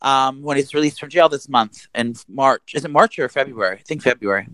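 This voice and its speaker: Fast-talking gossipy man. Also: medium pitch, no room sound, rough recording. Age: around 40. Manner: gossipy, animated storytelling with swearing. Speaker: podcast co-host. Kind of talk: casual chat.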